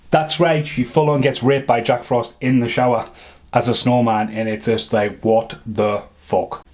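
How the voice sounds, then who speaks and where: A man's voice: medium pitch, darkish tone. A man giving a casual, rambling film review, swearing freely and laughing at his own jokes. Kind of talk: casual movie review rant.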